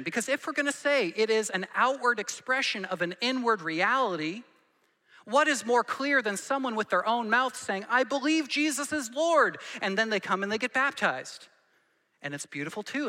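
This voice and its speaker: A man's voice: sits high, animated, normal speed, pushed and bright, in a large hall. A man preaching a sermon as a pastor, conversational, asking rhetorical questions and repeating key lines for emphasis, in a church sanctuary.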